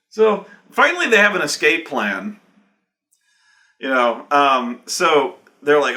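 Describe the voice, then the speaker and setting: A man casually recounting a tabletop game session, profane and animated, with many "like" fillers. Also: fairly high pitch, a little slow, pauses often. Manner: profane, animated, fills speech with "like". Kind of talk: casual anecdote.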